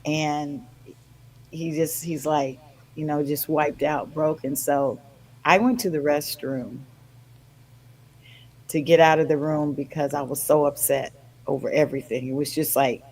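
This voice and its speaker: Older lady telling an emotional story on a podcast, gets lively, does the voices. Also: low-pitched, measured pace, pauses often, low-quality recording. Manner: animated, acts out quoted voices. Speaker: podcast guest.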